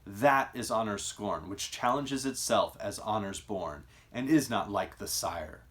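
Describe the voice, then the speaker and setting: Man reading as a stern lecturing king, measured verse, low voice. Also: lively intonation, a bit bright. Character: stern older male king lecturing on virtue. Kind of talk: dramatic reading of a play.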